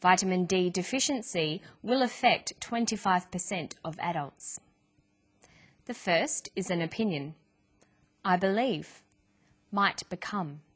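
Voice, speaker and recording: A woman narrating a scripted English pronunciation lesson in a clear, measured way. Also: fairly low pitch. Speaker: English teacher.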